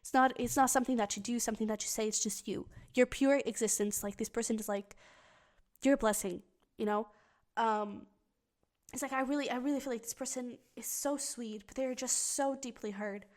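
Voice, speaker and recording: A woman's voice: fairly high pitch, fairly even intonation, fairly quick, a little mellow. A woman giving a pick-a-card tarot reading. She speaks earnestly and with feeling, straight to the viewer, and thinks aloud as she reads the cards. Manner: earnest and emotionally invested, speaks directly to the viewer. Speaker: tarot reader.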